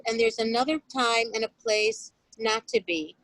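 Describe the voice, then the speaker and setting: Woman telling a story, high-ish voice. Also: measured pace, few pauses, no room sound, rough recording. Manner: animated storytelling. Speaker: course participant. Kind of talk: personal anecdote in group discussion. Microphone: video call.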